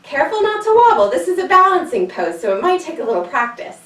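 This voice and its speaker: Woman, kids yoga teacher, playful storytelling, sing-song, high voice, echoey room from a distance. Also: sing-song, quick pace, fairly bright tone. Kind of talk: storytelling yoga class for children.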